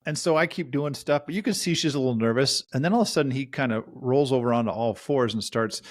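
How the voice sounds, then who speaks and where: A man hosting a casual podcast tells a long story at a mid-range pitch. He rambles, restarts and chuckles as he goes. The recording is close and dry, with no room sound. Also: fast, no room sound. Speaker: podcast host.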